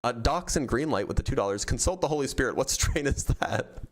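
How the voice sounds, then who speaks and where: A man's voice: medium pitch, animated, fairly quick, slightly rough. A man hosting a livestream, casually reading out donor messages and answering them with frequent laughs. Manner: reads donor messages aloud, laughs often. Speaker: streamer reading super chats.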